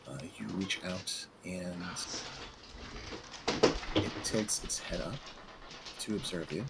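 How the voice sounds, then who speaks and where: A man narrating a tabletop game as game master, measured and hesitant with fillers. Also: sits low, very noisy.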